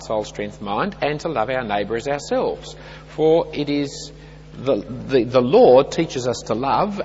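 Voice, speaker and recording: Animated preacher in a reverberant hall. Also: male voice, mid-range voice. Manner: earnest, emphatic build-ups with lively rises and falls. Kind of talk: expository sermon. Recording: dull sound with long hall reverb and faint hum.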